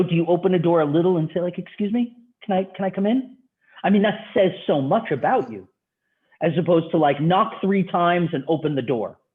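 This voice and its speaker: A man lecturing a class in a relaxed, conversational way, tossing out one rhetorical question after another. His voice sits a bit on the high side for a man. The sound comes through thin and tinny, like a phone line. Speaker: university instructor.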